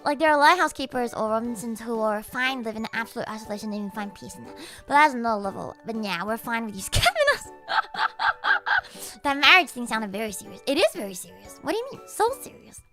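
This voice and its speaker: A woman streaming and chatting casually, with a sarcastic edge and plenty of swearing. Her voice sits high and bright, and it swings widely up and down as she talks. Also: lively intonation, fast talker, soft background music. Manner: sarcastic, swears freely, laughs often.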